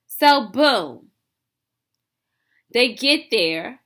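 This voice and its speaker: A young woman in a casual storytelling vlog, animated and chatty, full of fillers and asides. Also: fairly high pitch, a little slow. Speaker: vlogger telling a story.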